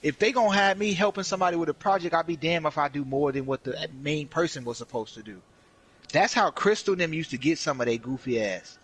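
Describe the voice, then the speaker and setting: Talking fast in a fairly high, slightly rough voice, this young gamer spins a profane, slang-heavy story about work while he streams. He animatedly performs the quotes himself, captured on low-quality audio.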